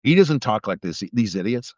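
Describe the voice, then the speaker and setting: The former military investigator's voice is medium-pitched and darkish, very animated at a moderate pace, with no room sound. The middle-aged man streams live, delivering an angry, profane, sarcastic political rant. His phone or webcam mic gives dry, slightly muffled audio.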